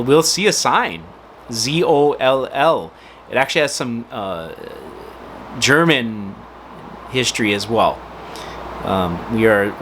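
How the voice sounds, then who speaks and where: On his personal channel, a man from the United States tells an offhand family-name story, full of fillers and false starts. He has a mid-range voice, and the background is noisy.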